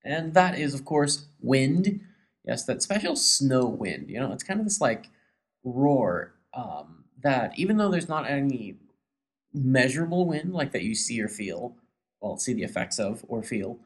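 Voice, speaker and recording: A man's voice: medium pitch, very animated, measured pace. A man hosting his own podcast, chatting casually and rambling, with frequent ums and trailing asides. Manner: rambling, hesitant, many ums. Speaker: podcast host. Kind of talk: casual solo chat.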